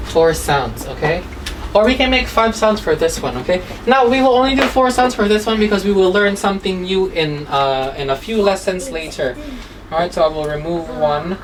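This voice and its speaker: A woman teaching a phonics lesson to children, sounding out words slowly and asking "okay?" after nearly every line, coaxing and gently scolding. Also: on the low side, distant mic, a little hiss or hum, rough recording. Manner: slow, drawn-out sounds, repeats "okay?" often; coaxing, mildly scolding when children drift.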